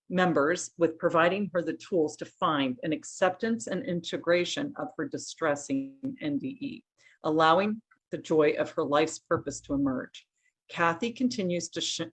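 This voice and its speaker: A woman hosting a podcast interview over a remote call, chatty, laughing often and making self-deprecating asides. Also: sits low. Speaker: podcast host. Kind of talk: casual interview chat.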